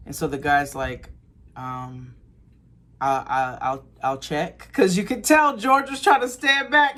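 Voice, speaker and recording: Animated male podcast storyteller. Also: fairly high pitch. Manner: animated storyteller acting out quoted voices, bursts of loud laughter. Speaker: podcast co-host.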